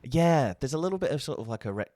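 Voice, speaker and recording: A young man hosting a podcast, telling stories with quick, expressive jumps into the voices of the people he quotes. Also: medium pitch. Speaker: podcast host. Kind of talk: casual podcast chat.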